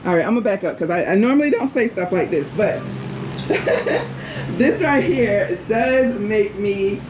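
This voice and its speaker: A woman's voice: medium pitch, expressive, a little slow, background noise. A middle-aged woman filming a casual tour of her hotel room, exclaiming and laughing often. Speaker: travel vlogger. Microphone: handheld camera.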